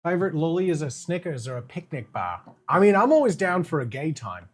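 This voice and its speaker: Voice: medium pitch, sing-song, fairly quick. A live streamer in casual, playful chat with viewers, laughing often and eating candy while standing.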